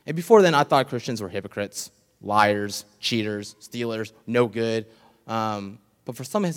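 A man's voice: on the low side, clean tone. Young male speaker, early twenties, sincere testimony, reverberant church hall. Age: young adult. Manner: earnest and emotional, pausing with ums. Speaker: summer church intern giving a testimony. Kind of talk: personal testimony to a congregation. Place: church sanctuary.

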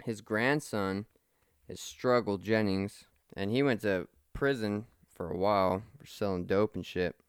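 A man's voice: fairly low pitch, unhurried, clear, resonant tone, no echo, clean studio sound. A young man hosting a casual podcast, swearing and laughing as he tells stories. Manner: profane, laughing storyteller. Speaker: podcast host.

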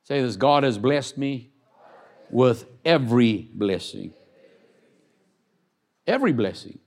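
A pastor delivers a sermon, his gravelly voice rising into loud, emphatic declarations and then sinking low as he reads scripture and puts questions to the congregation. He is animated but keeps a slow pace.

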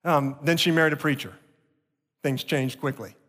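A male pastor delivering an earnest sermon, slowing down to stress key points. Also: fairly high pitch, fairly even intonation, fairly bright tone. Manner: earnest preaching, slowing for emphasis. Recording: long reverb of a large hall.

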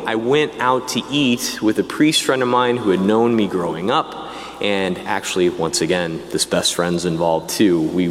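A priest tells his own vocation story in a lively, casual manner, with asides to the listeners. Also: on the low side, in a large hall. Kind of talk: personal testimony talk.

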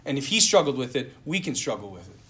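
A young male priest preaching a sermon in an animated, self-deprecating way, often laughing at himself. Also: medium pitch, quick pace.

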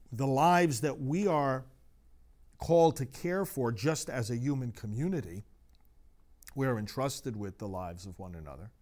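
Male priest, sermon, fervent and emphatic, animated intonation. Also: mid-range voice. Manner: impassioned, rising to emphatic outbursts.

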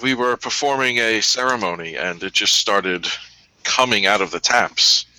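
A man's voice: fairly low pitch, moderate pace, pushed and bright, a little hiss or hum, poor audio. A man playing a tabletop game, speaking in character in an earnest, formal and resolute way. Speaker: player. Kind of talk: in-character tabletop role-play.

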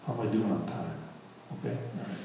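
A man's voice: on the low side, brisk. A middle-aged male pastor preaching in a casual, storytelling way, often correcting himself mid-sentence. His voice rings around a very reverberant hall. He sounds set back from the microphone, with a faint room hum behind him. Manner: conversational, self-correcting, animated retelling. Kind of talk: storytelling sermon. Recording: very echoey hall, speaker far from mic.

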